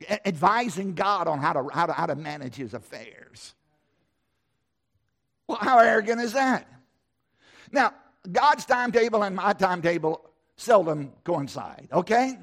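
Gravelly-voiced man preaching a sermon. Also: high-pitched, expressive, unhurried, pauses often, a bit bright. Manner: emphatic, repeats words, preacher's cadence. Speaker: pastor.

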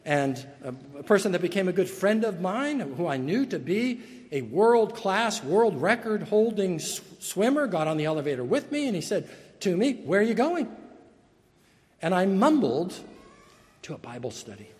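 High-voiced preacher in a reverberant hall. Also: male voice, sing-song, moderate pace, a little mellow. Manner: earnest, emphatic preaching with repeated words and restarts. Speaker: pastor. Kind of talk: sermon. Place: church sanctuary. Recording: long reverb of a large hall.

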